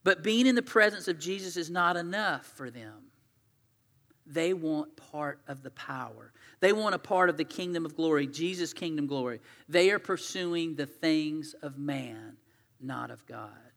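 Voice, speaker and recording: Male pastor, slightly high and bright, chatty storytelling sermon that swings loud to quiet; long hall echo. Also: measured pace, gravelly.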